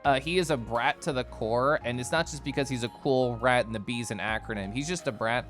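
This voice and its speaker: A man's voice: medium pitch, fairly quick, fairly bright tone, faint music behind. A man livestreaming and chatting casually with his viewers, playful and teasing, often giggling. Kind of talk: casual chat with stream viewers.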